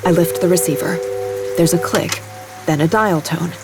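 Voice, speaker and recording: A young woman narrating her own story in first person in an audio drama, quiet and haunted, in an inner monologue. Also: fairly low pitch, normal speed, over loud music. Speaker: narrator and lead character.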